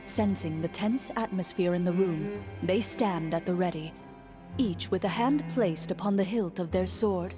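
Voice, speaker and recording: A woman voicing a composed female game master who narrates a court scene in a game, in a measured, formal way. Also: fairly low pitch, music in the background, natural voice. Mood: narrating. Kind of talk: scripted narration.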